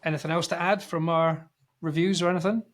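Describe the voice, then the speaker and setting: Scottish male host, slightly high voice, jokey and relaxed. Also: fast talker. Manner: jokey, wrapping up the show. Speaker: podcast host. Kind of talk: casual chat.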